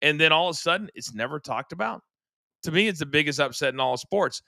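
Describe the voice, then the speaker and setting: A man's voice: on the high side, fast, creaky, no echo, clean studio sound. A middle-aged man hosting a sports podcast, telling stories animatedly and acting out quotes. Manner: animated storyteller, acts out quotes. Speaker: podcast host. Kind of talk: casual sports chat.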